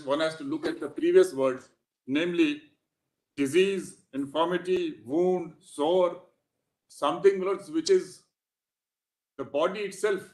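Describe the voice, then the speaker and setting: A man arguing a case before judges, deferential and repeatedly addressing the bench as "my lord". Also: on the high side. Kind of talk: courtroom argument. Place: large courtroom. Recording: roomy courtroom audio.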